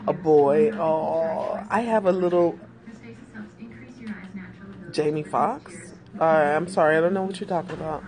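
Woman livestream host, slow and chatty, bubbly, crowd noise behind. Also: deep voice. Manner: chatty, animated, laughs often, calls viewers girl. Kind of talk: casual livestream chat with viewers.

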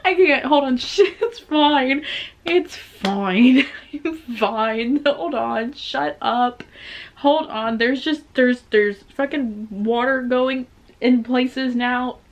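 Excitable, laughing young woman reacting. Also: high voice, takes it slowly, dull audio, a little hiss or hum. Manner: excitable, laughing, swearing, flustered. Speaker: reaction video host. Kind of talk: casual reaction commentary.

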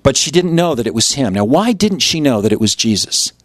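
A man's voice: mid-range voice, very animated, a little fast, fairly bright tone, dry recording, clean studio sound. A man preaching a sermon as pastor, telling the story vividly and acting out the voices of its people. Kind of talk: expository sermon.

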